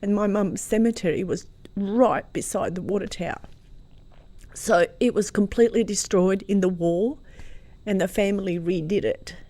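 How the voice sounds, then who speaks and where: A woman's voice: medium pitch, normal speed, no room sound. Woman telling a story. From Croatia. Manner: lively storyteller, swings from hushed to loud and laughing. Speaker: guest. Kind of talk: telling a personal story in an interview.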